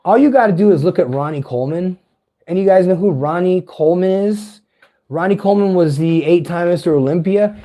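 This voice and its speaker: A man in his fifties with a light tenor voice pitched a little high for a man, yet mellow and warm in tone. He rambles through a casual vlog monologue, swearing freely and correcting himself mid-sentence. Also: brisk. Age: 50s. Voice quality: light tenor voice, not deep. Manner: meandering, profane, chatty with self-corrections. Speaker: vlogger.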